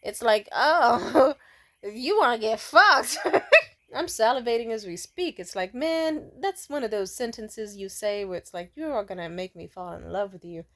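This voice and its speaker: A woman's voice: mid-range voice, lively intonation, normal speed. A young woman vlogger telling a story in a rambling, casual way, full of fillers and restarts, laughing often and swearing bluntly.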